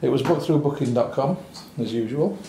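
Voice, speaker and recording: A man's voice: medium pitch, a little fast, dark tone. A man giving a chatty, wry walkthrough of a small hotel room for a travel review, with dry asides. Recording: echoey small room with faint noise.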